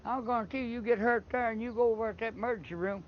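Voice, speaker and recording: A man's voice: very high voice, quick pace. An older man with an Appalachian accent, telling long rambling stories and often restarting his words. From Eastern Kentucky. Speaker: interviewee. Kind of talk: casual storytelling. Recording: slightly muffled with faint background noise.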